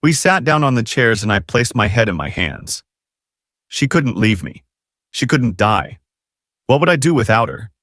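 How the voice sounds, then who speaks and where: A man's voice: mid-range voice, big pitch swings, normal speed, a bit bright, dry recording, clean studio sound. A man narrating a romance novel audiobook in the first person, with dramatic, emotive storytelling.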